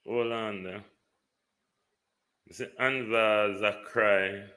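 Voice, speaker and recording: A man's voice: on the low side, fairly even intonation, takes it slowly, pushed and bright. A man with a Jamaican accent giving live political commentary, taunting and rhetorical, often asking "hmm?".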